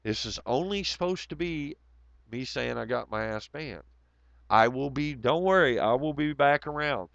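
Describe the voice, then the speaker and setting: Hoarse man, smooth tone, profane rambling stream host, dry dull recording. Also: mid-range voice, expressive, moderate pace, a bit bright, no room sound. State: hoarse, voice nearly gone. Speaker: livestream host. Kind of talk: casual livestream chat.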